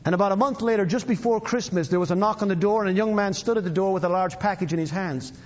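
A man preaching a sermon, telling a story and leading a prayer, emphatic, with his voice lifting for emphasis and sinking low and slow as he prays. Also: darkish tone. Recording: dull sound with long hall reverb.

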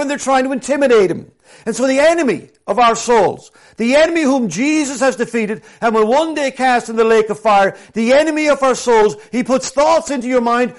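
A man preaching a sermon. He drops to hushed, slow scripture reading and then builds to loud, lively storytelling. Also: sits high. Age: adult, former professional soccer player.

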